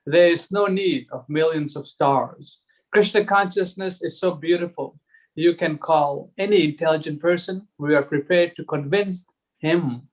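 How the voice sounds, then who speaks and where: A man's voice: a little high, measured pace. A man leading a group discussion, reading conversation transcripts aloud and chuckling now and then over a video call.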